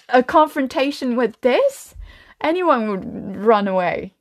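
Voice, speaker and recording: A woman's voice: medium pitch, vocal fry. A young woman giving a casual spiritual tarot reading. She is chatty and rambling, with frequent laughs. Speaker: tarot reader.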